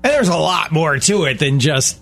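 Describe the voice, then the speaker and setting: A middle-aged man co-hosting a casual talk show, animated and emphatic, with a playful streak. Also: fairly high pitch, normal speed, vocal fry, faint music behind. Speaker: radio co-host. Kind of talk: casual chat.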